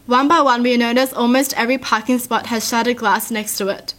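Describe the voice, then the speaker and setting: A woman's voice: a little high, steady tone, brisk, a bit bright. A woman reading stories aloud and adding chatty, earnest asides to her listeners. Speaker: story reader and commentator.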